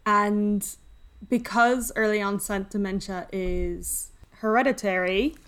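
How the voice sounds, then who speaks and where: A woman's voice: mid-range voice, steady tone, slow, smooth. A woman co-hosting a podcast, casually retelling a book's plot and acting out the characters' lines. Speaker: podcast co-host. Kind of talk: casual book discussion.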